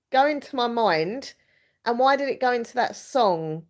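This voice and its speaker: A woman's voice: fairly high pitch, lively intonation, normal speed. A young woman hosting a casual live chat from home, rambling and giggling as she reads viewers' comments. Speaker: live stream host.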